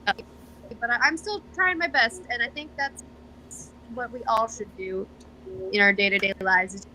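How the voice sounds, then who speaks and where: A woman's voice: a little high, moderate pace, bright, forceful tone, a little hiss or hum, poor audio. A young woman guest on a podcast, chatting casually and rambling with lots of fillers and self-deprecating asides. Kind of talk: casual chat.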